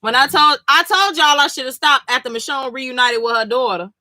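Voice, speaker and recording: A woman's voice: high-pitched, a little fast, pushed and bright, dry recording. A sleepy woman streamer reacting live as she reads a comic, blunt, profane and exasperated. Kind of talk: casual live reading reaction.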